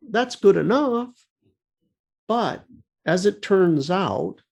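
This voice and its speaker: A man co-hosting a radio show, telling a story in a halting way, often repeating words and restarting. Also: on the high side, gravelly, a little mellow. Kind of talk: casual storytelling.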